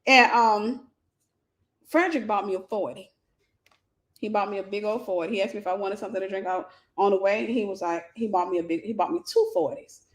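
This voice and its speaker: A woman host telling a personal story, animated and repeating phrases for emphasis. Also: mid-range voice, fairly quick.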